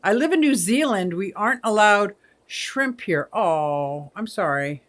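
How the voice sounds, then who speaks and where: A woman's voice: medium pitch, expressive, unhurried. A woman in her sixties hosting a casual livestream, chatty, laughing often and reading viewer comments aloud. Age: 60s. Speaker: aquarium channel host.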